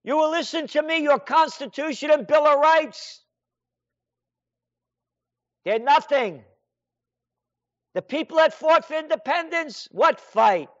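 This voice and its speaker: Smug entitled governor, high and taunting, bossy sing-song; a man plays him. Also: takes it slowly, long pauses, a bit bright, exaggerated voice. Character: smug spoiled rich-boy male governor. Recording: dull lo-fi sound.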